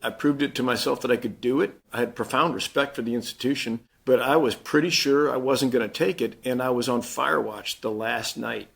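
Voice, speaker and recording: Husky-voiced man telling a story. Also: medium pitch, a little fast, few pauses, a bit bright. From Missouri. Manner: plain-spoken, acts out quoted dialogue. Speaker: Marine Corps general, guest. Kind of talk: storytelling interview.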